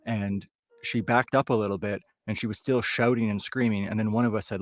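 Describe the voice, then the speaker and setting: A man's voice: on the low side, steady tone, fairly quick. A man from the Toronto area telling a ghost story in a loose, conversational way that builds suspense. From Toronto area, Canada. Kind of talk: live comic storytelling.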